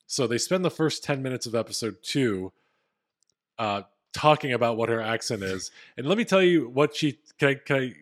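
A man's voice: mid-range voice, expressive, moderate pace. A man co-hosting a podcast, explaining a story in a casual, wry way. He is from Philadelphia but has no heavy accent. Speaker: podcast co-host. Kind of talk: casual chat.

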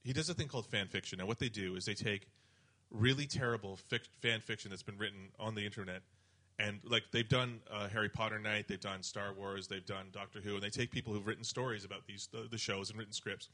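Fast-talking animated young man. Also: fairly low pitch. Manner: animated storyteller, acts out quotes with laughter. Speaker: podcast co-host. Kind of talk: casual chat.

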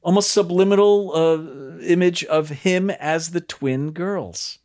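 A man's voice: fairly high pitch, slow pace, darkish tone. Wry, joking middle-aged man. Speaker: guest. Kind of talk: casual chat.

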